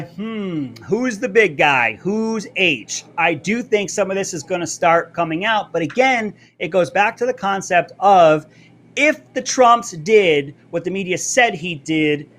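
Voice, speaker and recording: A man hosting a live political commentary stream, talking brashly and fast. His voice sits high for a man. He plugs his merch between rants. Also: a bit bright. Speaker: show host. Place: Florida.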